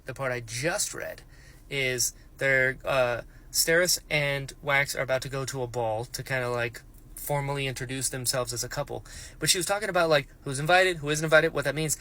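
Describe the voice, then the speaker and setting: Male book vlogger, chatty and enthusiastic, slightly high voice. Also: normal speed. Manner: enthusiastic, animated, many fillers. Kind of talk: casual book reaction vlog.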